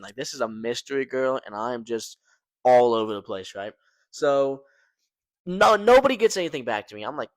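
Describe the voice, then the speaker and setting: Young male storytelling vlogger, animated slangy delivery, dry close sound. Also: mid-range voice, a little fast, no echo. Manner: slangy, animated, fillers like "man" and "right?". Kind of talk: casual storytelling to camera.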